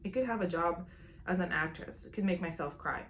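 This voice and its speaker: A woman's voice: on the low side, fairly quick. A young woman hosting a sewing tutorial, bubbly and self-teasing, talking as she works at a serger. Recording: roomy echo, faint machine noise.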